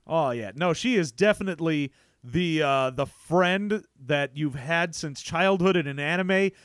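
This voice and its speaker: A man co-hosting a casual movie recap chat, animated and acting out lines in funny voices. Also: on the high side, a little slow, no room sound, studio quality. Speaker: podcast co-host.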